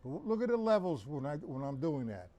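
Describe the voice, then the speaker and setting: A man with a fairly high voice teaches drums on a live stream, very animated and fast. He counts beats out loud and asks viewers by name if they're following, with loud drumming behind him.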